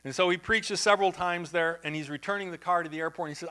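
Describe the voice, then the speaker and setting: Bright, animated storytelling preacher man. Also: high-pitched, fast talker, few pauses, smooth. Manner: conversational, animated storytelling with asides to the congregation. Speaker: pastor. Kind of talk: sermon with storytelling. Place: church.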